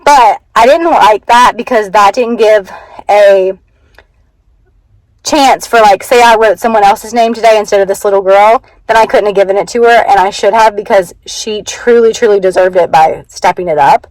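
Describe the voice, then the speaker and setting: A woman's voice: medium pitch, normal speed, darkish tone, no echo, rough recording. A young woman who teaches first grade, chatting earnestly in a casual vlog and peppering her story with "like.". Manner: chatty and earnest, many "like" fillers.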